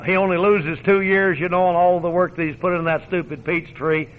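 A man's voice: high-pitched, steady tone, fairly quick, narrow, tinny audio. A man preaching a folksy sermon, joking and laughing often as he tells homespun stories.

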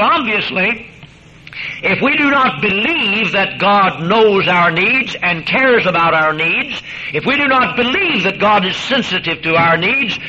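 A man's voice: high-pitched, bright, forceful tone. A man preaching a sermon, speaking emphatically and addressing his listeners directly as beloved, over a muffled radio broadcast with hiss.

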